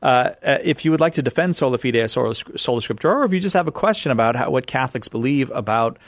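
A man's voice: medium pitch, lively intonation, fast talker, dry recording. A man hosting a call-in radio show, chatty and self-correcting, with many fillers. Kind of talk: casual call-in radio talk.

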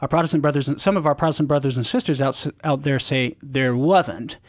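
A man's voice: medium pitch, brisk. Earnest man explaining doctrine on radio. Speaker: Catholic apologist radio guest.

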